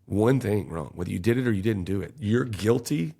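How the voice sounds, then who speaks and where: A man, speaking as a podcast guest. His voice sits fairly low, with a gravelly, creaky edge. He tells his story earnestly and gets worked up as he recounts events. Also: animated, fairly quick, dark tone. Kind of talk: casual storytelling.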